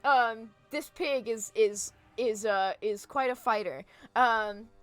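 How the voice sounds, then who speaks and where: A woman's voice: fairly high pitch, slow pace, soft background music. A woman narrating as game master of a tabletop game, descriptive and full of fillers. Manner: descriptive, filler-heavy, laughs easily.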